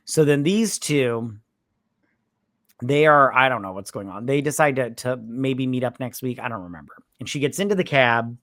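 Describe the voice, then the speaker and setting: A man's voice: medium pitch, normal speed, dry recording, studio quality. Rambling tipsy man recapping a movie. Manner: rambling, animated retelling with many "he's all like" asides. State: tipsy from drinking. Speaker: movie review podcast co-host. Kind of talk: casual drunk movie recap.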